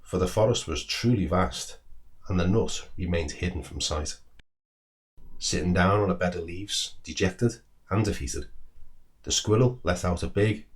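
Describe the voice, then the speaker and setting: A man who wrote the book, reading a children's story aloud with expressive storytelling delivery. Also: deep voice, moderate pace. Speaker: children's book author and narrator. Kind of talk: storybook read-aloud narration.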